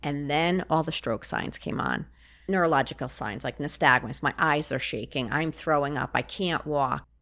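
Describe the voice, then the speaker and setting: Woman on a podcast telling her own story, low-ish voice, animated, does the voices of people she quotes. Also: normal speed. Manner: animated, acts out quoted dialogue. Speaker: podcast guest. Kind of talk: personal storytelling in an interview.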